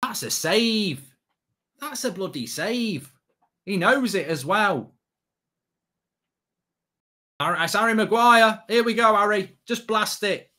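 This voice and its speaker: A man giving excitable, sweary live reaction commentary as a streamer, half talking to himself. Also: high-pitched, takes it slowly, pauses often.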